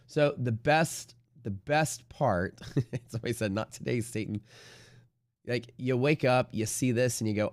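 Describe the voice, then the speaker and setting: A man hosting a live day-trading stream, rambling casually with lots of swearing and sudden loud bursts of mock trader shouting. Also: mid-range voice, normal speed, no room sound, studio quality.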